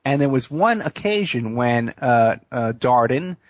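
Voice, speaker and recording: A man's voice: medium pitch, lively intonation, unhurried, dry recording. A man hosting a radio talk show, telling a long story in a rambling way full of fillers. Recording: muffled dry radio audio.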